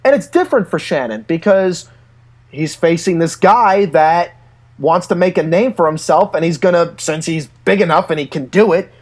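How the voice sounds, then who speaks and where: Male co-host with a high voice, an animated storyteller who laughs often. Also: normal speed. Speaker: podcast co-host. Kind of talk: casual chat.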